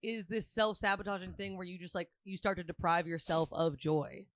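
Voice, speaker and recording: Man, podcast co-host, high voice, rapid earnest chat. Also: fairly bright tone.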